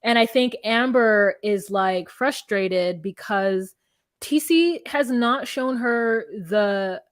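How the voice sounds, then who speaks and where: A woman's voice: on the high side, slow pace, dry recording, studio quality. A young woman co-hosting a podcast, recapping a reality show in casual, candid chat and acting out people's lines. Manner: candid, profane, quotes people in voices. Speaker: podcast co-host.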